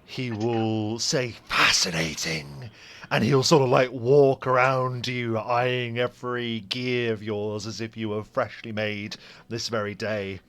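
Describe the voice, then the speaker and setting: A man playing a tabletop game who narrates his character's actions in a slow, rambling way. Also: medium pitch, level tone, smooth. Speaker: player.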